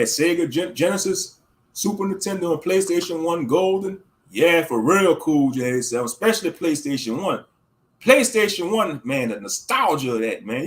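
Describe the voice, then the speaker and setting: Brief: male streamer, heated and slangy, high-pitched with a lively, swooping delivery. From Louisiana, USA. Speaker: livestream host. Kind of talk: casual ranting commentary.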